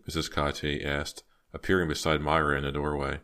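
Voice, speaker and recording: Very deep-voiced man narrating an audiobook. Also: level tone, a little fast, few pauses, a bit bright. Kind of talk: scripted narration.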